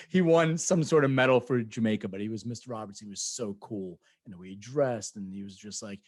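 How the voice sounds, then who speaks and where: A man's voice: fairly low pitch, brisk, a little mellow, no room sound. A man co-hosting a podcast, telling rambling anecdotes in casual chat, acting out quoted voices and laughing often. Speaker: podcast co-host.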